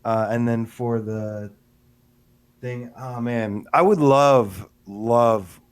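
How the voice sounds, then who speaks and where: A man's voice: medium pitch, extremely slow, clear, resonant tone, dry recording. A man with a middling voice, recorded dry and close, co-hosting a livestream podcast. He rambles enthusiastically with plenty of fillers. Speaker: podcast co-host. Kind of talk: casual livestream chat.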